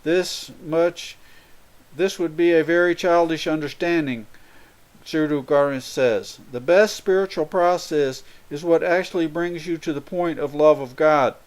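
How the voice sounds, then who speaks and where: A man preaches a sermon in an earnest, explaining way. His voice is smooth and clear, pitched a little high for a man. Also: a little slow. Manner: earnest, explains with everyday examples and acted quotes. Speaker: spiritual speaker.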